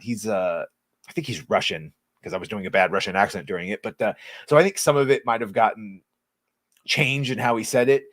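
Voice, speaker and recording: A man's voice: mid-range voice, no echo. Man ranting casually on a dry mic. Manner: profane, rambling, sarcastic. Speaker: podcast co-host. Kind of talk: casual chat.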